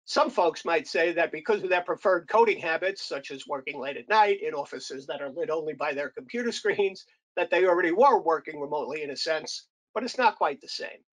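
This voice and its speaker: A man's voice: fairly high pitch, expressive, a little fast, poor audio. A man, an editor, gives a formal, scripted introduction as host of a webinar. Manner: formal, announcer-like.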